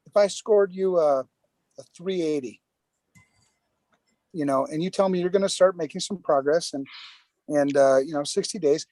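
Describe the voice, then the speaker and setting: Halting man co-host, raised dry voice. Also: high-pitched, darkish tone, no echo. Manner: halting, repeats himself, many fillers. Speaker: podcast co-host. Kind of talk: casual podcast conversation.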